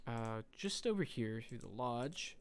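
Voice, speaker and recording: A man's voice: medium pitch, expressive, unhurried, a little hiss or hum. A man casually commenting while streaming a game, joking and reading in-game notes aloud.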